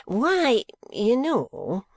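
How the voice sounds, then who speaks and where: A man's voice: extremely high pitch, wildly swooping pitch, extremely slow, gravelly, no room sound, studio quality, voice pushed up, exaggerated voice. A man voicing a coarse, evasive middle-aged schoolmaster who talks in ungrammatical rustic speech and pleads his way around hard questions. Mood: defiant.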